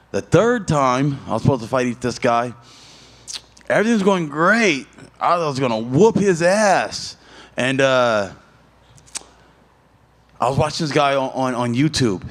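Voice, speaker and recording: A man who fights professionally, answering questions in a casual interview, telling stories with a lot of swearing and rambling. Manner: profane, rambling storyteller; jumps high in pitch when telling a story. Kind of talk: casual media day interview.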